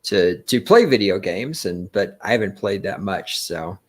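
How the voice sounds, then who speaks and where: A man's voice: low voice, animated, unhurried. A man with a Texan accent co-hosting a casual podcast, talking in an easygoing, hesitant way with frequent restarts. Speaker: podcast co-host.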